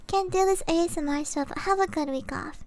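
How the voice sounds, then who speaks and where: A woman streamer chatting softly on a live stream, giggling often as she reads viewer messages aloud. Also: extremely high pitch. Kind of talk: soft-spoken live stream chat.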